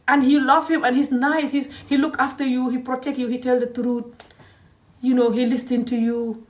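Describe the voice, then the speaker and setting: A woman's voice: little pitch movement, normal speed. Indignant Gambian woman ranting. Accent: Gambian English. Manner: emotional, indignant, swings between shouting and low muttering. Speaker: vlogger. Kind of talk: heated ranting monologue.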